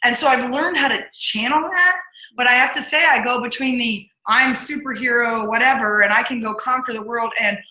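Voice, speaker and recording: A woman guest coach telling stories in an interview, energetic and punchy, acting out her own inner voice. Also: a little high, normal speed, roomy sound, rough recording. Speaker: podcast guest, accountability coach. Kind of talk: candid interview storytelling.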